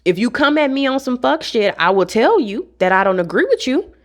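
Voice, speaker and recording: A woman's voice: a little high, very animated, fairly quick. A young adult woman vlogging to camera in a casual rant, blunt and profane.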